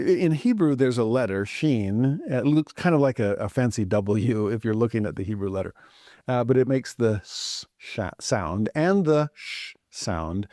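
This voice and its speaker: A man's voice: lowish voice, darkish tone, dry recording, studio quality. A man giving a casual scripture lesson who talks conversationally and thinks aloud with frequent restarts. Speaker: scripture teacher.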